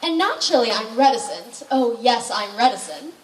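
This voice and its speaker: A pompous mayor's wife played by a girl, haughty and drawn-out. Her high voice swoops in lively curves. It sounds from an echoey hall, picked up from far off. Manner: haughty, drawn-out affected delivery.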